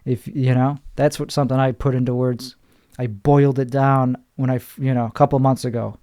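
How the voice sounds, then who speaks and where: A young man talks in a relaxed podcast chat about his comedy work. He is blunt and emphatic and swears freely. His voice sits in a middle range and is recorded close and dry, with almost no room sound. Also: medium pitch, brisk, no room sound. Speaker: stand-up comedian guest.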